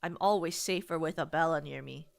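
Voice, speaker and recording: A woman's voice: low-pitched, fairly quick, creaky. A young woman streaming a horror game, chatting to herself in a self-mocking, rambling way. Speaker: gaming streamer. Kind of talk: casual let's-play chat.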